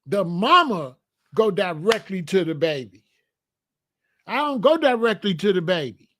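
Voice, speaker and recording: High-voiced man preaching about family. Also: big pitch swings, measured pace, bright, forceful tone. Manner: preachy, repetitive, emphatic advice to men. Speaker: host. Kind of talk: casual commentary monologue.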